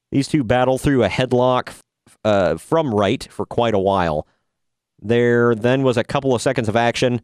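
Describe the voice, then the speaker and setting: Smooth-voiced man in a casual review chat. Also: medium pitch, moderate pace, no echo, clean studio sound. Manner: casual, jokey, sarcastic asides. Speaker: podcast host reviewing wrestling.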